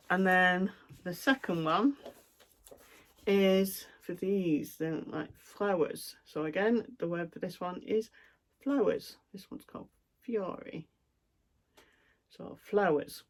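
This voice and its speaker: Lancashire lady in her 50s chatting on her craft vlog, slow and lowish, lots of ums. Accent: Lancashire English. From Lancashire, England. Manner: relaxed, chatty, many fillers. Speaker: cross-stitch vlogger. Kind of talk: casual chat.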